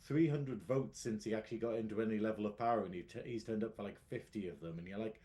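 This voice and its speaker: A man, co-hosting a podcast in casual chat, teasing with quick banter and frequent laughs. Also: fairly low pitch, warm tone. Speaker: podcast co-host.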